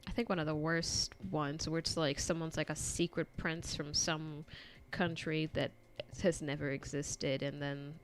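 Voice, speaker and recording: A woman's voice: deep voice, little pitch movement, unhurried, few pauses, slight background noise. A young American woman chatting casually and rambling with many fillers while she paints at home on a stand microphone. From United States. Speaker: painting vlogger. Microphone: desk microphone on a stand.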